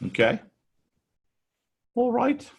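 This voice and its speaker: A man's voice: extremely high pitch, huge pitch swings, very slow, creaky, slightly rough. A middle-aged man presenting a sales webinar in a loose, chatty way, often restarting his sentences. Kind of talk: casual sales webinar talk.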